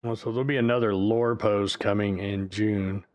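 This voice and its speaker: A man's voice: lowish voice, fairly even intonation, moderate pace. A male streamer in casual livestream chat, rambling, loose and profane.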